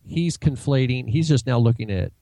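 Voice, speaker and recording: A man's voice: medium pitch, expressive, normal speed, creaky, warm tone, no echo. A man co-hosting a casual religious discussion, giving brief replies and explaining terms. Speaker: co-host.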